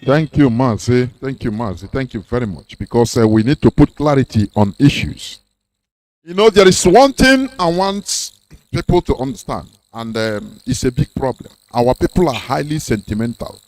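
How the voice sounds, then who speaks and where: A man's voice: mid-range voice, moderate pace, low-quality recording. A man hosting a radio program, talking in a sermonizing way with frequent fillers. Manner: sermonizing, lively, hesitant fillers. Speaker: radio host. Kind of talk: preachy radio talk.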